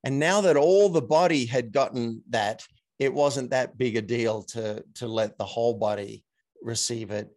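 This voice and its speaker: A man, a coach and actor, telling stories as a podcast guest in a measured, reflective way. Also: medium pitch, a little mellow, no room sound. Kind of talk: casual interview chat.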